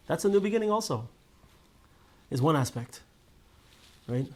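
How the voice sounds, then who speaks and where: A man teaching a casual Torah class to a small group. He tells stories with lively ups and downs, restarts often and keeps asking "right?". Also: a little high, moderate pace. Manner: lively storyteller, many restarts and "right?" tags.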